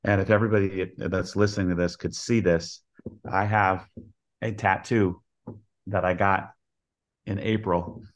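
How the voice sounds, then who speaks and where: An older man, a college softball coach, telling stories in an interview with an earnest manner, acting out the voices of people he quotes. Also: low-pitched, flat delivery, measured pace, long pauses. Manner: earnest storyteller who acts out quoted dialogue. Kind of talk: storytelling interview.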